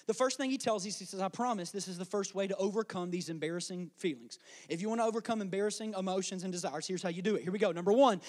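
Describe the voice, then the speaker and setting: A male pastor preaching a sermon, animated and conversational, acting out little scenes for the congregation. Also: high-pitched, big-room sound.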